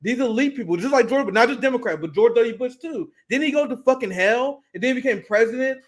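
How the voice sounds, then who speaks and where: A man co-hosting a political commentary show, talking bluntly and swearing a lot in casual, animated chat. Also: very high voice, fast talker. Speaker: co-host.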